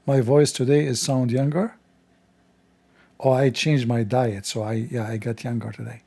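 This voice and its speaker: A man hosting a scornful commentary, mocking and insulting in broken English, his voice strained and rough today. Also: mid-range voice, flat delivery, moderate pace, warm tone. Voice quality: non-native English with broken grammar. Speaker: host.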